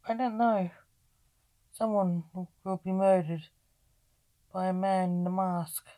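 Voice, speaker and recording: Woman doing a frightened young man, pleading, slow, soft and mellow, gothic storybook. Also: lowish voice, steady tone. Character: anxious young man who sees visions.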